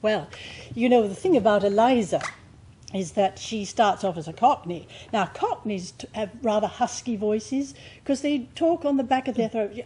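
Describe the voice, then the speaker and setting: An older actress telling stage anecdotes in an interview, with a lively, theatrical delivery. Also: female voice, mid-range voice, moderate pace, a little hiss or hum, low-quality recording.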